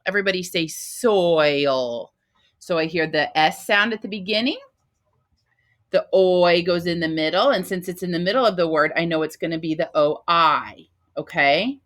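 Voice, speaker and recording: A woman teaching first graders a phonics lesson, her voice a little lower than most women's. She talks slowly and patiently, in the sing-song manner of a classroom teacher. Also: a bit bright. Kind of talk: phonics lesson for young children.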